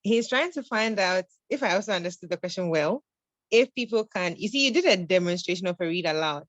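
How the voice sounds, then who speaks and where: A woman's voice: lowish voice, expressive, fairly quick, no echo. A woman hosting a webinar over a video call, giving brief affirming replies and explaining questions. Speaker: webinar host. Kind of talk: moderating a webinar. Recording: dull, dry lo-fi audio.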